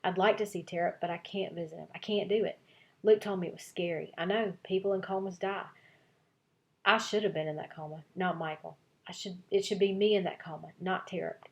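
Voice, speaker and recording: A woman teacher giving an expressive read-aloud of a children's novel for her class, voicing several child narrators. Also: fairly low pitch, brisk, gravelly, highs cut off.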